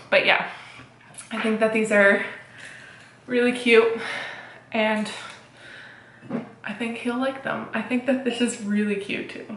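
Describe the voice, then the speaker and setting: A woman's voice: mid-range voice, a bit bright, reverberant, a little hiss or hum. A young woman vlogging at home, chatting to camera in a giggly, rambling way. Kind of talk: casual vlog chat to camera.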